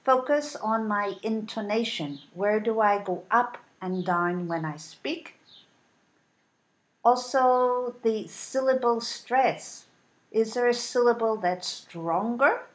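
A woman teaching an English lesson, reading example sentences and modeling intonation with deliberate, clear enunciation. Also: medium pitch. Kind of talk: slow, careful English lesson.

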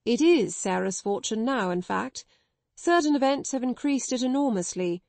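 A woman reading an audiobook, voicing a male solicitor who speaks in a quiet, level, steady manner. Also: on the high side, moderate pace, vocal fry, dry recording, pitched above the performer's own voice. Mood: cool.

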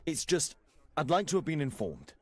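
A husky, terse detective. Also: male voice, a little high, huge pitch swings, moderate pace, a little mellow. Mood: dry. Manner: clipped, dry. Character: terse middle-aged male detective, stern.

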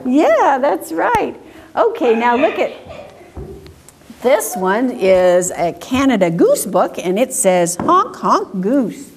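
A woman reading picture books aloud at a children's story time, asking questions and making animal sounds in a slow, sing-song way. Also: fairly high pitch, sing-song, a little mellow.

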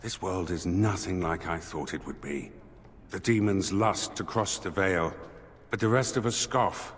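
An actor playing a grave, formal spirit warrior in a video game, speaking in a stately way. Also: male voice, low voice, unhurried, in a large hall, slight background noise. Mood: solemn.

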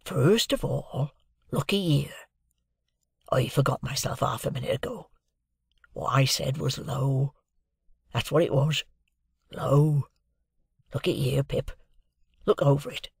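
A man doing a gravelly old convict. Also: medium pitch, slow pace, long pauses, no echo, studio quality, exaggerated voice. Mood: hushed, pleading. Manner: coarse dialect, hoarse hushed urgency. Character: rough older male convict, fiercely devoted.

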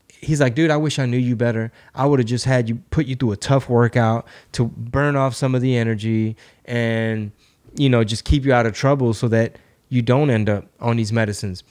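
Podcast host, male, mid-pitched, loose storyteller who leans on quotes. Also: a little mellow. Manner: retells stories with many "he's like" quotes. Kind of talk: casual chat.

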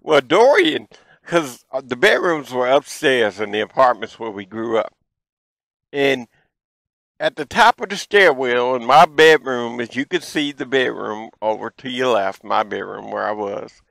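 Gravelly folksy man telling stories. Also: medium pitch, measured pace, dry recording, rough recording. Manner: folksy, animated storyteller. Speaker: show host. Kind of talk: storytelling childhood memories.

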